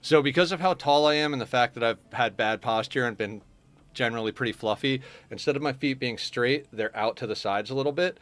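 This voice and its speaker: Guy streaming a game, just chatting with his viewers, regular mid-pitched voice. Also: brisk, a bit bright. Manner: chatty, answers viewer chat while playing. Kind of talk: casual live-stream chat.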